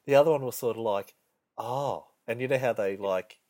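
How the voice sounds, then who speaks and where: A man's voice: mid-range voice, fast talker, mellow, no echo. A young man co-hosting a podcast, telling stories in crude, laid-back slang. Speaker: podcast co-host. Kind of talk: casual banter.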